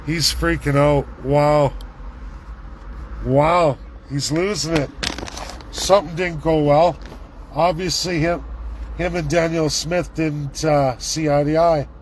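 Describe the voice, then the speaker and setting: A middle-aged man, live-vlogging from a city street on his phone, ranting and repeating excited exclamations. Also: on the high side, takes it slowly, pauses often, a little hiss or hum, low-quality recording. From Canada. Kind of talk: live street vlog commentary. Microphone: handheld phone camera.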